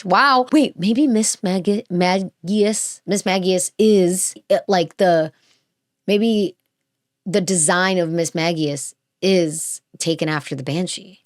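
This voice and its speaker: A woman's voice: on the low side, no echo, clean studio sound. A woman hosting a podcast in casual chat, gushing and rambling, often restarting her sentences. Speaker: podcast host.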